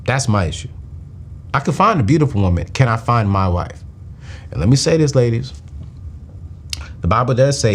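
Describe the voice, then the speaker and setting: A man's voice: fairly low pitch, normal speed, pauses often, a little hiss or hum. A man hosting a live call-in finance show, joking and preacherly. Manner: animated, preacherly, slangy and joking. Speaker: host.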